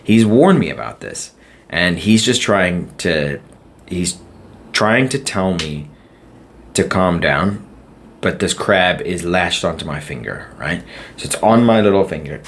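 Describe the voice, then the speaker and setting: A man's voice: low-pitched, animated, unhurried, a little hiss or hum. A man hosting a casual solo podcast, chatty and rambling, laughing at his own stories. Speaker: podcast host.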